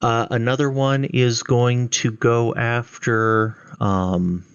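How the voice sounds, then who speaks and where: A man's voice: mid-range voice, flat delivery, slow pace, clean tone, no echo, lo-fi sound. A man running a tabletop game as dungeon master, narrating enemy turns with frequent ums and uhs. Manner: hesitant, many fillers.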